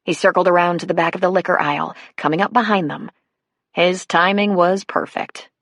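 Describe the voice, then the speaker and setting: A woman with a low voice narrates an audiobook from a script, telling the story in a measured, even way. The sound is clean studio audio without echo.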